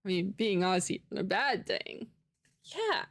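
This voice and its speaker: A woman's voice: mid-range voice, sing-song, a little slow, a bit bright. An American woman livestreamer chatting casually with viewers, rambling and laughing often. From United States. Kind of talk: casual chat with live viewers.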